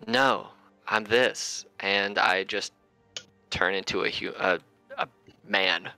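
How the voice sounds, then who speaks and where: A man's voice: low voice, steady tone, slow pace, bright, forceful tone, clean tone, soft background music. A man playing his character in a tabletop game, talking casually with swearing and describing his character's actions. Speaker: player. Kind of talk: in-character tabletop role-play.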